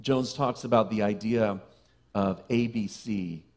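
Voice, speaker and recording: In a church sanctuary, a minister with a lowish voice preaches conversationally to his congregation, tossing in playful asides and slowing and softening for key phrases.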